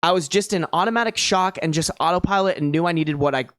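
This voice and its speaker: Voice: medium pitch, fast, fairly bright tone, no room sound, clean studio sound. A streamer reading online posts aloud in a casual, slangy way, breaking off for exasperated, disbelieving reactions. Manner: exasperated, incredulous reactions between read passages; slangy and casual, calls listeners bro and dude.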